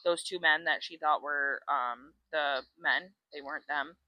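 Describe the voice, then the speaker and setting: Retelling a novel on her podcast, this co-host performs the characters' dialogue with gusto and doesn't hold back on swearing. She speaks low and a little slowly, with no echo and the highs cut off.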